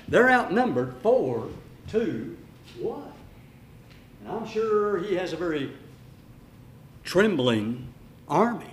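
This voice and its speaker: An older man preaching a sermon, telling a story with dramatic swings between loud and hushed. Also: a little high, slight background noise. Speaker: pastor. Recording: echoey room.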